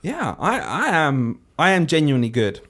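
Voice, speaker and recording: A man's voice: on the high side, moderate pace. A man, a teacher co-hosting a podcast, chatting casually and acting out quotes as he tells stories. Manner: animated storyteller, acts out quotes. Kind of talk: casual chat.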